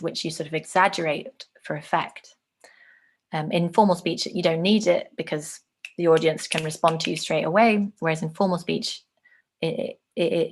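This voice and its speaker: Gravelly-voiced woman teaching. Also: on the low side. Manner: explanatory, with many fillers. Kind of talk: online lesson.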